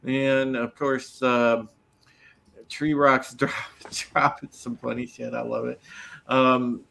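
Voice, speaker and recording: Male podcast host, bright forceful tone, blunt and mocking in casual chat. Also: medium pitch, level tone, takes it slowly, gravelly. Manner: blunt, mocking, reads chat names aloud.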